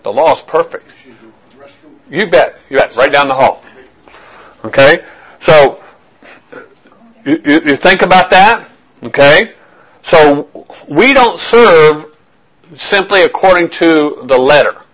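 A man's voice: a little high, lively intonation, slow, long pauses, a bit bright, poor audio. A man with a slightly raised voice teaches a verse-by-verse sermon. His delivery is conversational, full of repeated phrases and frequent check-ins with the congregation. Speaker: pastor.

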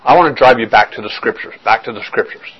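A man's voice: mid-range voice, fast talker, breathy edge, dull audio. Earnest man preaching a sermon. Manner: earnest, questioning, repeats words and restarts. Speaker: pastor.

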